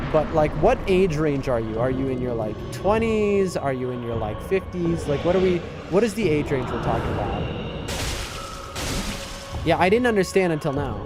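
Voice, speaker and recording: Talking at a normal speed, a late-twenties man from the United States streams a game and rambles casually, replying to chat as he plays. His voice runs on the high side and has a sing-song lilt, with an American accent that drifts East Coast. Audio comes through a headset over loud background music.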